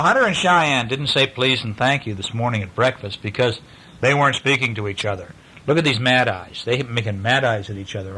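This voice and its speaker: A father reading a picture book aloud to his young children, playful and animated, stopping to ask them questions. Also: medium pitch, low-quality recording.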